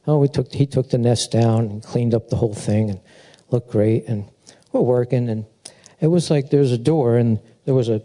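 A middle-aged man gives an informal sermon at a memorial service, his voice very dark and mellow. He rambles in an easy, conversational way and keeps circling back to his point. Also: moderate pace. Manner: rambling storyteller, animated, mimics a chirping bird in a high voice. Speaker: pastor speaking at a memorial.

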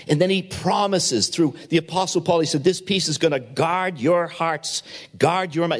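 Expressive preaching man, slightly high voice. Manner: expressive preaching, acts out dialogue. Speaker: pastor. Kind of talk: sermon. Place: chapel service.

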